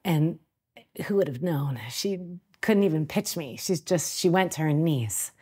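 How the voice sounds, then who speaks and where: A woman coach, a guest on a podcast, telling animated stories and laughing often. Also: low voice, unhurried, husky. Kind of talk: casual interview chat.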